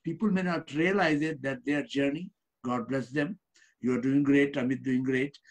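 Husky yogi preaching joy in simple English. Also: male voice, mid-range voice, fairly even intonation, normal speed. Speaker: yogi guest. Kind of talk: casual interview talk.

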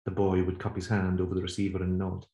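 A man, the author, reading aloud from his novel in a measured, steady voice. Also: low voice. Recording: roomy echo.

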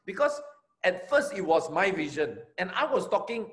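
He is a Malaysian network marketing trainer in middle age, with a Malaysian accent, driving home his key phrases through repetition in an emphatic, energetic motivational talk. The voice sits high, and the pace is moderate.

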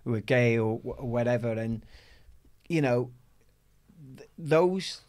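Here the middle-aged interview guest, a Welsh athlete, slows down, his pitch still medium. He tells his personal story animatedly, slipping into the voices of whoever he's quoting.

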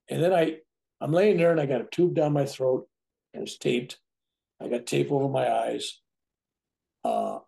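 Older guy in his 70s, gravelly dark voice, acts out the back-and-forth as he tells it. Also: mid-range voice. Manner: acts out quoted dialogue, tags lines with "right?". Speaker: interview guest. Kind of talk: casual storytelling.

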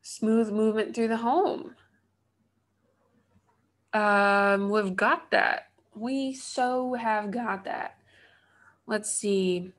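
A woman's voice: mid-range voice, fairly even intonation, extremely slow, pauses often. A woman, likely in her thirties, giving casual let's play commentary, talking to herself with wry asides as she builds. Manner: chatty, wry self-talk while building. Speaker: gaming channel host.

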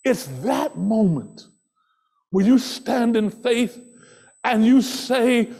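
High voiced guy preaching a sermon, fired up, shouts then goes quiet, repeats lines. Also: slow, vocal fry, long pauses. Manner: impassioned preaching, shouting high phrases, then dropping low and soft; repeats rhythmic refrains. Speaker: pastor.

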